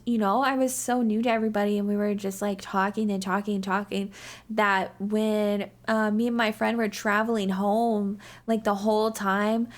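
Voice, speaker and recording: A young woman chats to her live viewers, her slightly high voice a bit strained from days of talking. She rambles and giggles, filling her sentences with "like". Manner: chatty and rambling, heavy use of "like", giggly. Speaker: livestreamer. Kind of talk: casual chat to a live audience.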